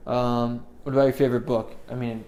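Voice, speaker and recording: A man's voice: medium pitch, little pitch movement, brisk, darkish tone. A man hosting a podcast, asking hesitant interview questions with fillers. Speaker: podcast host.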